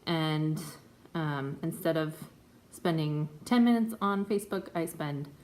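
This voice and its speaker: A woman's voice: deep voice, unhurried, darkish tone, slight background noise. A woman in her twenties talking in a chatty, self-conscious way, with lots of fillers, for a home video update. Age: 20s. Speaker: vlogger. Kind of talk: casual chat. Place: home room.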